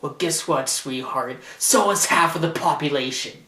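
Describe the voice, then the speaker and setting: A man's voice: fairly high pitch, normal speed, sharp tone, reverberant, distant mic. A teenage boy ranting sarcastically and indignantly into a camcorder in his bedroom. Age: teens. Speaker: vlogger. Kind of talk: ranting vlog. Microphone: camcorder mic.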